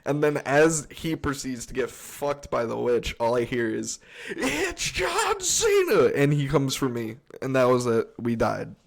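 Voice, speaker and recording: A man co-hosting a casual gaming podcast, telling animated stories and laughing often. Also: medium pitch, moderate pace, creaky, hardly any pauses. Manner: animated storyteller, laughs often, shouts meme quotes. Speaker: podcast co-host.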